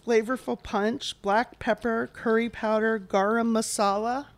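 A woman with a somewhat high voice hosts a relaxed snack tasting. She chats eagerly and reads out packaging descriptions as she goes. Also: a little slow. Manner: enthusiastic, reads product labels aloud. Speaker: host. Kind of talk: casual chat while taste-testing snacks.

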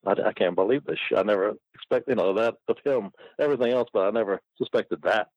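A man's voice: lowish voice, quick pace, no echo. A man telling a rambling, profane story in casual chat, laughing often. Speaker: guest storyteller. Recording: muffled lo-fi recording.

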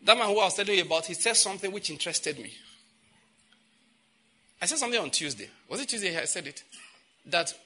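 Forceful Nigerian preacher, emphatic. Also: male voice, high-pitched, expressive, quick pace, pauses often. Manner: emphatic, repeating phrases, with sudden loud outbursts; slips into pidgin asides. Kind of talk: sermon.

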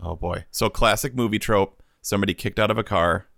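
A man's voice: fairly low pitch, fairly quick, creaky, fairly bright tone, no echo, studio quality. A man co-hosting a podcast, joking and riffing in casual movie chat. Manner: jokey, riffs and banters. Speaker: podcast co-host.

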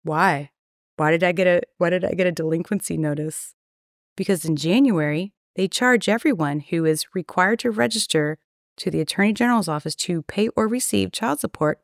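A woman's voice: on the low side, moderate pace, no room sound, clean studio sound. Candid woman telling a wild story. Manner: candid, profane, acts out quoted dialogue. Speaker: podcast guest. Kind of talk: casual storytelling.

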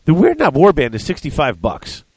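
A man's voice: a little high, huge pitch swings, normal speed, a little mellow, slightly rough, no room sound. A man in casual hobby chat, thinking aloud as he works out prices and corrects himself.

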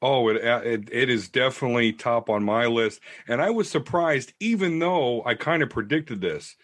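A man co-hosting a podcast on a microphone, rambling excitedly and interrupting himself. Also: medium pitch, normal speed, no room sound. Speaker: podcast co-host. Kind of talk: casual podcast chat.

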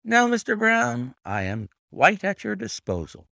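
A man's voice: a little high, wildly swooping pitch, a little slow, creaky, bright, forceful tone, no echo, clean studio sound, voice pushed up, heavily acted. A man doing a cool, assured detective. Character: calm, clever male detective, cool and assured.

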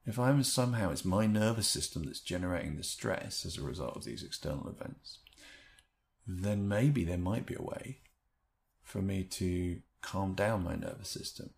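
A man giving an explanatory talk on handling stress, thoughtful, with lively rises in pitch and the odd restarted word. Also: vocal fry. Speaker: speaker explaining a stress technique.

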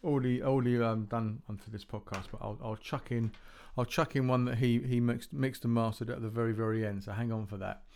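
A man's voice: medium pitch, fairly even intonation, fairly quick, few pauses, darkish tone, slight background noise. A man hosting a podcast from a home recording room, chatting casually between tracks with rambling, self-deprecating asides and frequent restarts. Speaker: podcast host playing music tracks.

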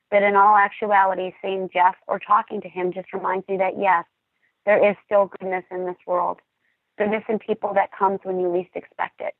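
A calm, earnest woman, a dispatcher, speaks on a podcast in a measured way. Her voice has a gravelly, fry-tinged edge. It comes through a thin, tinny, phone-like line in a dead, dry space. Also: medium pitch, no room sound. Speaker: emergency dispatcher and podcast guest. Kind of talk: podcast talk, personal account.

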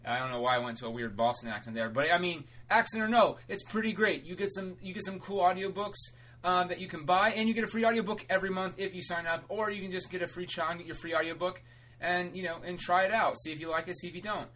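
A man's voice: high voice, fast talker, bright, forceful tone, poor audio. A man hosting a podcast, giving a loose and chatty intro and a sponsor read, rambling along with casual swearing and self-corrections. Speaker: podcast host.

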